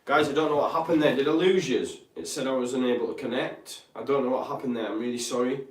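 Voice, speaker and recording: A man's voice: mid-range voice, fast. A young man hosts a live football watch-along, chatty and tired, with plenty of ums. His voice is recorded in a roomy, echoey space. He sits away from the microphone, so he sounds distant. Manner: chatty, reads out viewer comments, frequent ums and apologies. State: tired, yawning. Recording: roomy echo, speaker off-mic.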